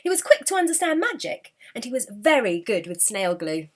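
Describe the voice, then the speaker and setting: A woman reading a children's storybook aloud with an expressive, animated delivery. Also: fairly high pitch, fairly quick.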